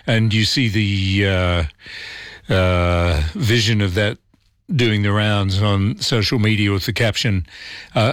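A man's voice: fairly low pitch, steady tone, slow pace, no echo. A man hosting talk radio, conversational and opinionated. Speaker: radio host.

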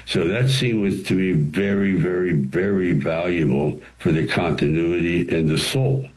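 Deep-voiced older man telling stories. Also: a little slow, rough recording. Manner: rambling, animated storytelling with acted-out quotes. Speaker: interview guest, actor and writer. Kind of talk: anecdotal interview storytelling.

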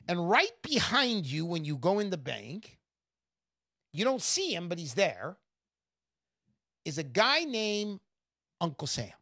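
Woman, persuasive sales pitch, mocking, emphatic, lively swooping pitch, dry close sound. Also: slow, pauses often, no room sound. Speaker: gold investment promoter.

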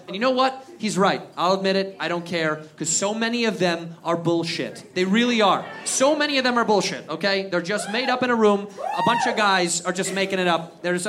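High-voiced man ranting on a stand-up stage. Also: lively intonation, brisk. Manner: exasperated ranting, acts out exchanges. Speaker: stand-up comedian. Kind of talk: stand-up comedy set. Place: comedy club stage. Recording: crowd laughter and noisy club.

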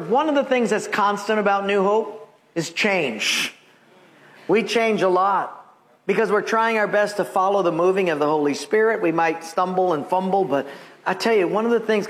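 A pastor in his seventies preaches to his congregation in the church sanctuary, mixing jokes into his sermon through folksy stories and chuckling at his own punchlines as the congregation laughs. His voice is high-pitched and fairly bright, at a normal speed.

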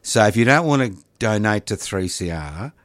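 A man's voice: lowish voice, animated, normal speed, dry recording. Teasing man hosting radio. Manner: jokey, teasing, loud bursts. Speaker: radio host. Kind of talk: community radio banter.

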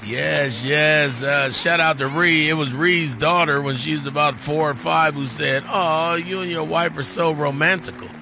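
A man's voice: a little high, fairly even intonation, normal speed, creaky, hardly any pauses, background noise. A man co-hosting a morning radio show, joking playfully with a church-style cadence. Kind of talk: casual morning radio banter.

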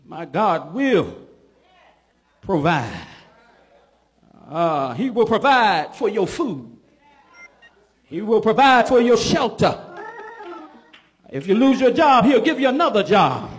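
A man, a bishop, preaching a sermon in church, calling for responses from the congregation and building up to shouts. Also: very high voice.

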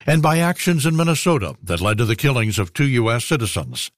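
A man reading a scripted radio news feature as anchor, in a measured newsreader delivery. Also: mid-range voice, sing-song, dry recording, clean studio sound.

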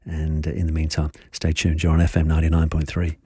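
Male DJ, very low, husky, dry close studio sound, rambling chat with a sore throat. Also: quick pace, dry recording. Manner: rambling, relaxed, many fillers. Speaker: radio DJ. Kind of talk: late-night radio chat. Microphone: studio mic.

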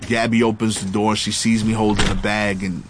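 A man telling a comic story in an animated, dramatic way, acting out the dialogue. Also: on the low side, normal speed.

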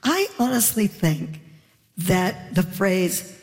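Canadian woman telling a lively anecdote. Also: medium pitch, slow, big-room sound. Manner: animated storyteller, laughs while telling anecdotes. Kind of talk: panel discussion.

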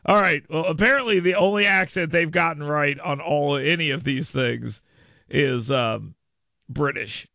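Gravelly, bright-voiced male show host. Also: fairly high pitch, unhurried, dry recording. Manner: stammering, repeats his words often. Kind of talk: casual live-stream commentary.

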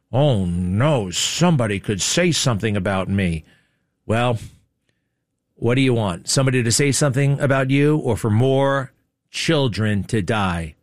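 A man's voice: mid-range voice, dry recording, studio quality. A man hosting a talk show, giving blunt, sarcastic, rambling opinion commentary. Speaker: radio talk host.

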